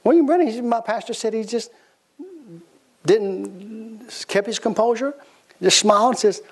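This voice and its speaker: A man preaching a sermon, telling stories with animated energy, repeating his phrases and laughing as he goes. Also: high-pitched, a little slow, pauses often. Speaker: pastor.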